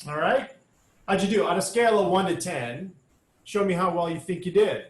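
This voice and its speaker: A man whose voice sits high leads a choir rehearsal online at normal speed, his video call sound roomy. His spoken instruction on diction is broken up by short sung demonstration phrases.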